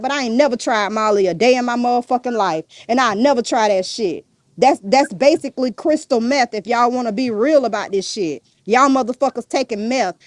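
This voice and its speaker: A woman's voice: fairly high pitch, no echo, clean studio sound. A woman guest on a podcast, ranting bluntly and defiantly, cursing and throwing insults nonstop. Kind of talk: heated rant in an interview.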